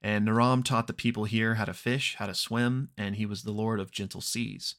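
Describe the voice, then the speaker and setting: Low-voiced man recapping an episode. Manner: relaxed, unhurried retelling with frequent ums and throat clearing; briefly acts out characters' lines in quoted voices. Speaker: podcast host recapping an actual-play episode.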